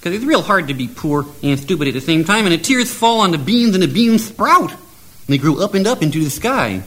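A storyteller with a high, sing-song, fairly bright voice spins a comic folk tale at a fairly quick clip. He uses deliberately broken, playful grammar and keeps chuckling as he goes.

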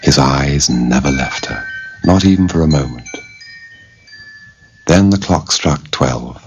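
A man reading a children's fairy tale aloud with expressive storytelling. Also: very deep voice, slow. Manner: expressive, varied storyteller's delivery. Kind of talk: storybook narration. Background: soft instrumental music.

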